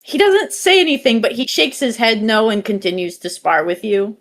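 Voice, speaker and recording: A woman's voice: fairly high pitch, big pitch swings, moderate pace. A woman playing in a tabletop game over a voice call, giggly and a bit hesitant. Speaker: player. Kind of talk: casual tabletop play.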